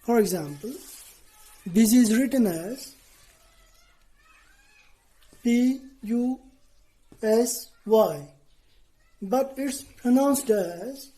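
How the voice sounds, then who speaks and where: A woman teacher giving a lesson to students, speaking deliberately, spelling out letters and often checking in with "okay". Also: a little high, animated, dark tone, poor audio.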